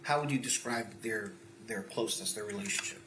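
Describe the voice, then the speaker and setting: A man's voice: lowish voice, fairly quick, pushed and bright. A man acting as an attorney, questioning a witness in court with formal, leading yes-or-no questions. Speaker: defense attorney. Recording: echoey courtroom with faint noise.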